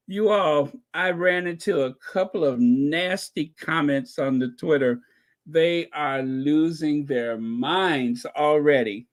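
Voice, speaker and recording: A man hosting his own channel, giving excited casual commentary, gleeful and laughing, who repeats his points over and over. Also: a little high, slow pace. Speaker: channel host reacting to royal news.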